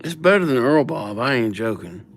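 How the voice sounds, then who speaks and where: With a medium-pitched, sing-song voice, a man chats on his calligraphy livestream in a relaxed, joking manner. He reads viewers' names aloud and speaks slowly and mumbled, his voice coming and going from the mic as he writes.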